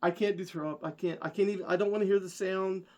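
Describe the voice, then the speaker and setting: A man voicing a panicky, squeamish young woman passenger who exclaims frantically in a raised pitch. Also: steady tone, quick pace, darkish tone, natural voice.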